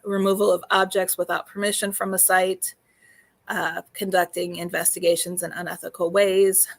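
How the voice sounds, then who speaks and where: A woman hosting a casual live stream, talking loosely with many fillers, greeting viewers, and a little hoarse as she loses her voice. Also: fairly low pitch, little pitch movement, moderate pace. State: slightly losing her voice. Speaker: host.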